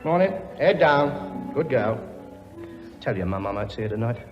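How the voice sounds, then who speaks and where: A man's voice: medium pitch, animated, moderate pace, over music, natural voice. An actor playing a pompous, blustering king with a sarcastic, grumbling working-class manner in a 1950s radio comedy. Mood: brisk. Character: blustering pompous male king, bossy and weary. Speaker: lead comic actor. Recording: dull old broadcast recording with audience laughter. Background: studio audience laughing.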